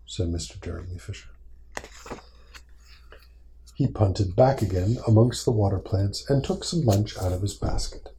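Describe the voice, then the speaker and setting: A father reads a storybook aloud to his small child in a deep, warm, mellow voice. Gentle and patient, he stops now and then to answer the little one's questions before continuing, with a faint hiss or hum in the background.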